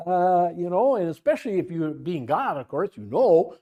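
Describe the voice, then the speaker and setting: A man leads a church Bible study in a loose, conversational way. His slightly high voice swings up and down a lot as he fires off rhetorical questions and acts out little quotes. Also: big pitch swings, normal speed, few pauses, warm tone. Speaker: Bible teacher. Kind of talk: informal Bible class teaching. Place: church classroom.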